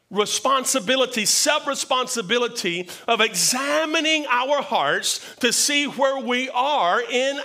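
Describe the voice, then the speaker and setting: Man, pastor mid-sermon; high, bright voice, deliberate unhurried pace, stresses by repeating. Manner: earnest preaching, repeats words for emphasis.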